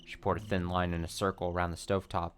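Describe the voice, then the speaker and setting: A man hosting a let's play, reading a visual novel's text aloud in a steady voice with short wry asides. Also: deep voice, quick pace, slight background noise.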